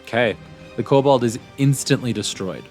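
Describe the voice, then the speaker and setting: A man running a tabletop game as dungeon master, narrating playfully with quick voiced asides. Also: medium pitch, darkish tone, faint music behind.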